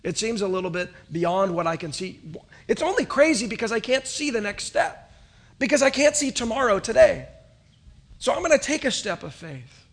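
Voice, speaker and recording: A man's voice: high voice, very animated, moderate pace. A young adult man preaching an earnest sermon, with dynamic rising emphasis. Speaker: pastor.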